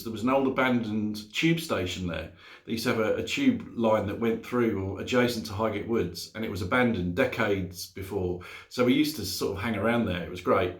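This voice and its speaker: A man's voice: fairly low pitch, moderate pace, echoey room. A man, telling a story casually as a motorcycle vlogger in his home garage, chatty and laughing often.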